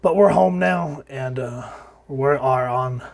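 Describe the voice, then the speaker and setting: A man reviewing an old comic book in casual chat, sounding sick and hoarse, with frequent fillers and restarts. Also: medium pitch, slow pace.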